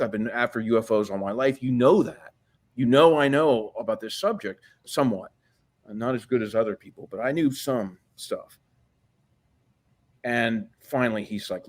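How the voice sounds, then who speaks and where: A man's voice: mid-range voice, normal speed. A man in his sixties, a podcast guest telling a long story, profane and rambling, with frequent restarts. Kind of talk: storytelling interview.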